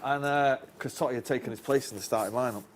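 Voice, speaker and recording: A man's voice: medium pitch, fast, a little hiss or hum. A man with a Northern English accent, a guest casually telling a long anecdote, rambling and restarting his lines. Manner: rambling storyteller, chuckles often, restarts lines. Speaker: interview guest.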